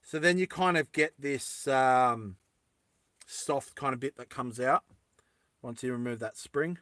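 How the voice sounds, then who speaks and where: A man's voice: mid-range voice, measured pace, a bit bright, no echo, studio quality. A man chatting casually through a lighter repair, rambling into jokey tangents and correcting himself as he goes. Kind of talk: casual how-to chat.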